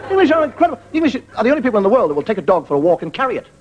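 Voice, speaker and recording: A man's voice: sits high, sing-song, racing, highs cut off, crowd noise, noisy background. Man telling wry stand-up stories. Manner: wry, conversational storytelling. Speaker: stand-up comedian. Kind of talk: stand-up monologue to a live audience. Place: stage before a live audience. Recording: loud live audience laughter.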